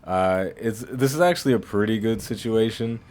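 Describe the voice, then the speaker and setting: Deep-voiced man rambling over gameplay. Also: moderate pace, a little mellow, slight background noise. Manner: rambling and chatty, often restarting phrases. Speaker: gaming channel host. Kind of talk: casual let's-play commentary.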